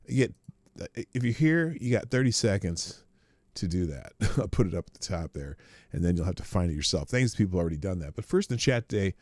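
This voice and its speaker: A man's voice: animated, a little fast, darkish tone, dry recording. Guy rambling on his morning stream, swears a bit, voice jumps up and down a lot. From Omaha, Nebraska. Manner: rambling, chatty, swears casually, jumps between high and low pitch. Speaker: livestream host. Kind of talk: casual live-stream chat.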